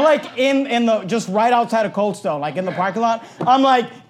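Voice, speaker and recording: A middle-aged man preaching a sermon as a pastor, telling a personal story in a loud, emphatic, conversational way with asides. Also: extremely high pitch, moderate pace, few pauses.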